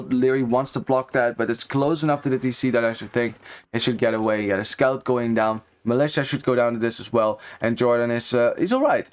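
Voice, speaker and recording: A man's voice: mid-range voice, clean tone. A young man casting a real-time strategy match, chatty and analytical, explaining game mechanics as the action unfolds. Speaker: esports caster. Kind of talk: live strategy-game commentary.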